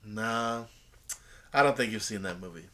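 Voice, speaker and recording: A young man acting a clueless, tactless guest in a comedy sketch, rambling through absurd stories with halting fillers. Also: fairly low pitch, bright, forceful tone. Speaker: bizarre guest in a comedy skit.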